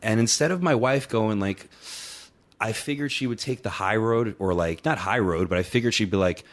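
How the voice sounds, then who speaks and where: A man's voice: fairly low pitch, moderate pace. A young man co-hosting a podcast, telling a funny story in casual chat and acting out what people said. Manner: animated, acts out quotes, swears freely. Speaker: podcast co-host.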